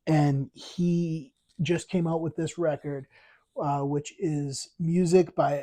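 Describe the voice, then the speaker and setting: Excited man rambling about records. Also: on the high side, slow pace. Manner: enthusiastic, rambling with many fillers and restarts. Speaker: vinyl collector channel host. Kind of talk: casual record review vlog.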